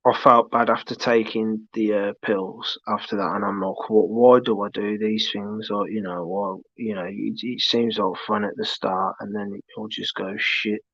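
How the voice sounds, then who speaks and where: A man's voice: lowish voice, little pitch movement, moderate pace, creaky, hardly any pauses, pushed and bright, dry recording. Rambling Brummie man telling a story. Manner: rambling anecdote full of restarts and asides. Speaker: livestream host. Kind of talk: casual storytelling chat. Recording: dull lo-fi dry stream audio.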